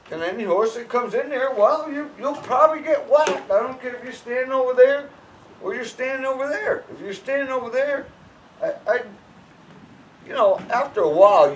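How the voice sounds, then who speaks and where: A man's voice: slight background noise, poor audio. A man giving casual horse-training advice in a blunt, emphatic way, often restarting his sentences. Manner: lively, swinging from low mutters to loud bursts. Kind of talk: casual instructional talk.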